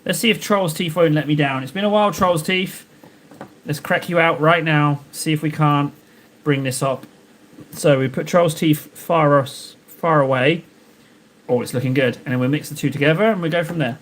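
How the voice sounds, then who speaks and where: A man's voice: a little high, normal speed, a bit bright. Chatty man painting on a live stream. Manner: rambling, jokey self-talk while painting. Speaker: livestream host painting miniatures. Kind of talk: casual live-stream chat.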